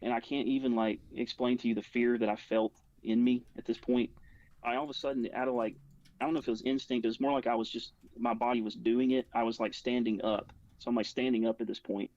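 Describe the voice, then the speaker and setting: A man's voice: medium pitch, steady tone, fast, darkish tone, no echo. A man tells a long personal story in a level, unvaried voice. He rambles, leans on "like" and keeps restarting his sentences. The recording is dry and a little dull. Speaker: guest recounting a personal experience. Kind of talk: casual spoken storytelling.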